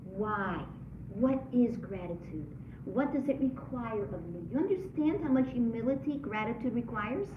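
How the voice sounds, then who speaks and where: A woman's voice: a little high, animated, moderate pace, noisy background. Woman leading a faith class, earnest, questions to the group; lo-fi, echoey, mic far off. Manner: earnest, asks the room questions. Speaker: teacher leading a women's study group. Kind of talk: religious class talk. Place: room with a group. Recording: echoey lo-fi room recording from far off.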